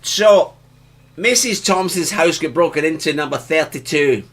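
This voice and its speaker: A man co-hosting a casual talk show, jokey and quick to rant. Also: on the high side. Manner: excitable, jokey, ranting. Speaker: co-host. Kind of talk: casual chat. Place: Tenerife.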